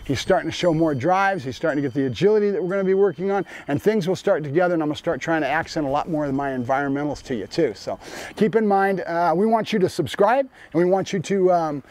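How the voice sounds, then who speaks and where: A man's voice: on the high side, fast, a little mellow. A middle-aged dog trainer talking casually to viewers outdoors, explaining how he teaches a puppy to settle down. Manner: coaxing praise to the dog, then explaining to viewers.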